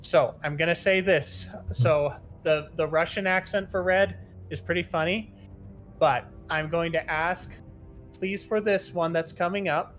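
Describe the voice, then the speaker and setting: A man's voice: a little high, steady tone, measured pace, a bit bright, soft background music. A man hosting a group live reading, chatting casually and politely asking the readers what they want. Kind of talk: casual chat to listeners.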